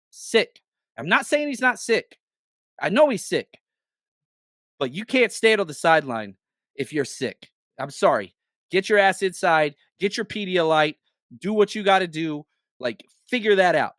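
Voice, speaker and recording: A man's voice: high-pitched, a bit bright, no echo, clean studio sound. A man hosting a live sports podcast, ranting bluntly and heatedly, swearing and stammering when worked up. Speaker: podcast host.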